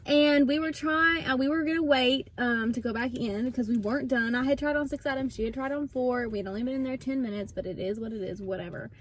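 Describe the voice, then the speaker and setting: High-voiced indignant woman in her twenties. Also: fast, few pauses, slight background noise. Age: 20s. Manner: indignant, retelling with quoted dialogue. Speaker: vlog host. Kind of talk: casual storytelling.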